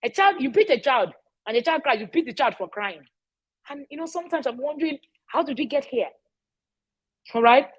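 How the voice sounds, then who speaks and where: A woman's voice: high-pitched, expressive, a little fast, long pauses, poor audio. A middle-aged woman, speaking casually to parents. She is emphatic, repeats key phrases and often checks in with "all right?". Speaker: parenting educator.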